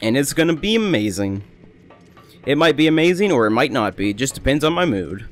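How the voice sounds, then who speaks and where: A man's voice: mid-range voice, sing-song, fairly quick. A young man rambling chattily through casual gameplay commentary as a let's play host. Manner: rambling, chatty, self-amused.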